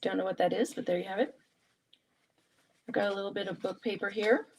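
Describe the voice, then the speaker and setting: A woman's voice: medium pitch, fairly even intonation, fairly quick, a little mellow, a little hiss or hum. A woman hosting a live art journaling session, chatting and thinking aloud as she works through a casual craft demonstration.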